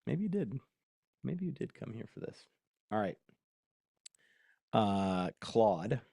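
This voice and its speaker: A man's voice: lowish voice, animated, moderate pace, vocal fry, long pauses, dark tone, no room sound, studio quality. A man hosting a casual live workshop, talking in a chatty, self-mocking way while dictating prompts aloud. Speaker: host.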